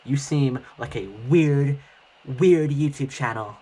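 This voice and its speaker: A man's voice: mid-range voice, slow, mellow, poor audio. Man, YouTuber, reaction commentary, defensive, sarcastic, swears.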